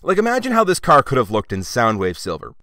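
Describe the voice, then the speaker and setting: A man's voice: mid-range voice, huge pitch swings, quick pace, sharp tone, no room sound, clean studio sound. A man giving a casual, wry toy review with chatty, sarcastic asides.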